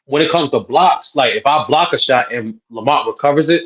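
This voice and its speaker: A man who plays basketball, talking in a casual sports debate in a relaxed, slangy way. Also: mid-range voice, fairly quick. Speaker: basketball player and panelist. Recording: dull lo-fi mic.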